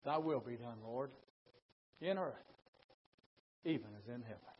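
A man preaching a sermon, his fervent delivery swinging from low murmurs to loud shouting. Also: lively intonation, unhurried, highs cut off, a little hiss or hum.

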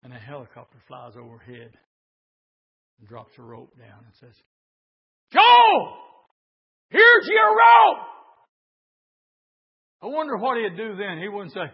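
A man preaching a sermon, building into shouted, hoarse bursts. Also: mid-range voice, expressive, moderate pace. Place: church with congregation. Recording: lo-fi recording in an echoey church.

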